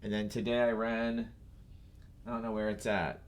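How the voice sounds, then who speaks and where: A man's voice: on the low side, level tone, moderate pace. A young man co-hosting a casual gaming livestream, teasing and rambling in loose chat. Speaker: podcast co-host.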